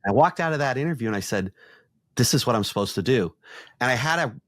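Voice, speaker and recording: A man's voice: medium pitch, quick pace, no echo. Blunt middle-aged man telling stories. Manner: blunt, animated anecdotes with acted-out quotes. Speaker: guest, executive coach. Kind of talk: storytelling in podcast conversation.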